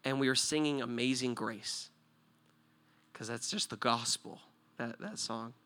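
A man preaching a sermon with a bright, ringing voice. He swings between loud, emphatic points and hushed storytelling. He keeps checking in with the room, tossing out a quick "right?". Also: medium pitch, steady tone. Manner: talks to the listeners directly with frequent "right?".

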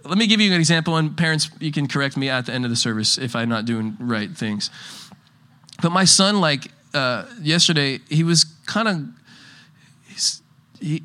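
Young male preacher, slightly high, bright tone; loose, rambling, laughing delivery. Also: moderate pace. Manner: rambling, restarts often, chuckles through anecdotes. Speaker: pastor. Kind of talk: casual conversational sermon.

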